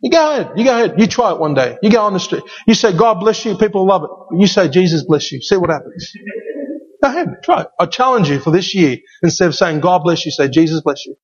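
A man's voice: high-pitched, animated, quick pace, few pauses, breathy edge. Emphatic male pastor in a reverberant hall. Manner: emphatic, repeats key phrases. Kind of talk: sermon. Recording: dull sound with long hall reverb.

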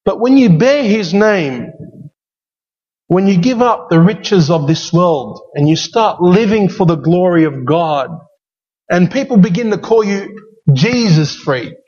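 A man's voice: high voice, lively intonation, a little slow, a little mellow. A man preaching a sermon as pastor, emphatic and given to repeating key phrases. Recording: dull sound with long hall reverb.

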